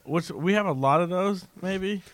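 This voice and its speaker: A man's voice: high-pitched, normal speed, no room sound. A man co-hosting a podcast in casual banter, telling stories with lots of laughter. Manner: laughing, animated storytelling. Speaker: podcast co-host.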